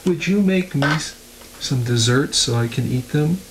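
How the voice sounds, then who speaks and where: A man's voice: mid-range voice, animated, moderate pace, noisy background. A man working as a speech clinician, who coaches a child and then explains the approach to a parent in a patient, encouraging way. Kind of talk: therapy session and parent counseling.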